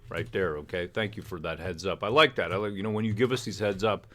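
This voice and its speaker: Low male stream host, rambling joker, casual chat. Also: fast talker, fairly bright tone, slight background noise. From Canada. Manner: rambling, joking storyteller. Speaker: livestream host.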